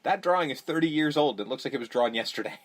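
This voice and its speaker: Quick and fairly high-pitched, a man hosts a podcast recapping a horror movie with casual swearing. He's animated throughout, voicing the characters' lines mid-story.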